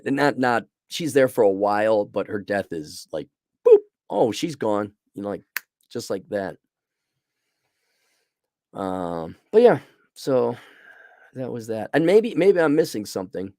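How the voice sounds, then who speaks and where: Middle-aged male host for a casual livestream review: blunt and rambling, lively pitch, dry close sound. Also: no echo. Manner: rambling, blunt, restarts mid-sentence. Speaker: show host reviewing a series.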